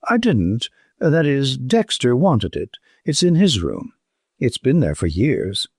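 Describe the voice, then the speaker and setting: A man's voice: medium pitch, big pitch swings, slow, a little mellow, dry recording, clean studio sound, heavily acted. A man voicing a composed middle-aged society mother with a poised, hospitable manner. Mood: gracious. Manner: smooth, poised, politely hospitable.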